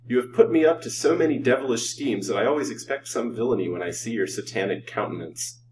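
A man voicing a bitter, volatile wealthy gentleman who breaks into agitated outbursts, raising his voice high, in a storybook reading. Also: quick pace, far from the mic, slight background noise, close to an everyday voice, low-quality recording. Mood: testy.

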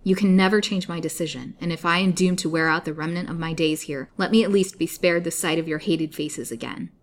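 A woman's voice: fairly low pitch, fairly even intonation, fairly quick, natural voice. A woman voicing a young captive woman who speaks bitterly and pleads. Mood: bitter, despairing.

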